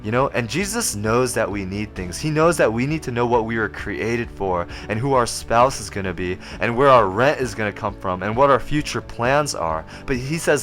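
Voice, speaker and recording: A man's voice: medium pitch, expressive, normal speed, few pauses, fairly bright tone, soft background music. Earnest man giving a devotional. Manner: earnest, conversational, with fillers. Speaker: vlog host giving a devotional. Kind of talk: short devotional talk to camera.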